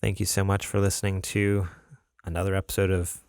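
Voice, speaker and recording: A man with a low, gravelly voice chats loosely on his gaming podcast, full of "like" and "uh" as he rambles along. The sound is dry and close, with no room around him. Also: flat delivery, a little fast, darkish tone, no echo. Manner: easygoing, rambling with many fillers and laughs. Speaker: podcast co-host. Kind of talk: casual chat.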